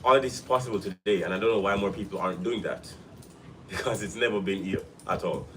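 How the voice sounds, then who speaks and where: A man with a notably low voice hosts a casual live stream, drifting loosely from thought to thought and repeating phrases. He is a little sick, and his voice sounds slightly off. A faint hum of background noise sits behind him. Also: fairly quick, a bit bright, poor audio. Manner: loose, rambling, repeats himself.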